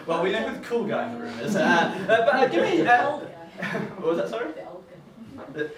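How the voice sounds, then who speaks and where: A man's voice: high voice, sing-song, measured pace, roomy sound, far from the mic, over a noisy crowd. A young man doing stand-up in front of an audience, hesitant, with lots of fillers and restarts, laughing often. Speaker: stand-up comedian. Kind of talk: stand-up comedy set. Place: comedy venue with live audience.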